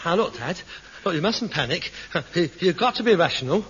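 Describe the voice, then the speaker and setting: An actor playing a touchy, theatrical grown son who dramatizes everything, in an old sitcom recording. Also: male voice, sits high, big pitch swings, fairly quick, a bit bright, muffled recording. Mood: reassuring. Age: young adult. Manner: theatrical, whining and self-dramatizing. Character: melodramatic hypochondriac grown son, touchy and vain.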